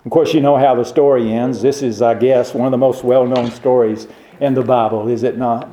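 Mellow-voiced preacher in an echoey room. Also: male voice, medium pitch, steady tone, fairly quick. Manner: emphatic, rhetorical questions. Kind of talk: sermon. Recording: roomy echo.

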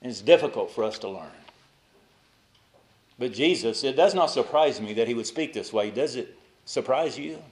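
A male pastor with a mid-range, expressive voice preaches a sermon at a moderate pace, pausing often. He moves between loud, emphatic lines and soft asides and puts rhetorical questions to the congregation.

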